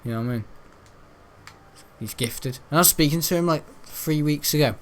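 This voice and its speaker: A man's voice: fairly high pitch, moderate pace. Rambling young British man chatting. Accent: British English. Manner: chatty, meandering, lots of fillers and self-corrections. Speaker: gaming channel host. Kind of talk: rambling casual chat over gameplay.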